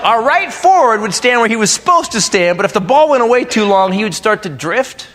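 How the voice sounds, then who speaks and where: Dad comic ranting on stage, high lively voice, crowd roaring and loud room noise. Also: male voice, brisk. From United States. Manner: loud ranting delivery, shouting punchlines. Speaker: stand-up comedian. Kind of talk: stand-up comedy set. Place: comedy club stage. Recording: live club recording, loud crowd laughter. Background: audience laughing.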